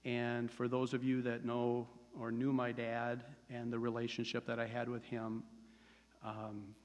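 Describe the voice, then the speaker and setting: A man in his sixties gives his personal testimony to a congregation in an earnest, steady way, hesitating now and then. His delivery is flat and even, and his voice carries a long reverb through a large church sanctuary. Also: medium pitch, measured pace. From United States. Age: 60s. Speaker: church member giving testimony.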